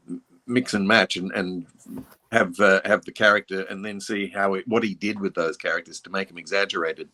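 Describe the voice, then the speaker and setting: An older Australian man, a voice actor, telling stories in a relaxed interview with reflective, restarting speech. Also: sits low. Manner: reflective and anecdotal, with frequent restarts. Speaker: voice actor guest. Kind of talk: casual interview chat.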